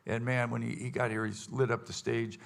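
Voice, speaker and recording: Gravelly folksy bandleader man. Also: mid-range voice, flat delivery, a little fast. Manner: rambling, folksy, many fillers and restarts. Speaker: bandleader hosting a audience Q&A. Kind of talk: casual chat with a live audience. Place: event hall with live audience.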